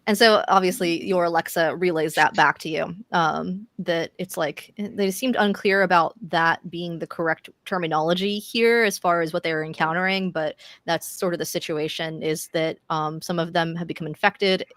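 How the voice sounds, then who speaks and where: Low-voiced woman game master. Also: fairly even intonation, normal speed, few pauses, fairly bright tone, no room sound, clean studio sound. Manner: laughs often, thinks aloud with fillers. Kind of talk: narrating a tabletop game.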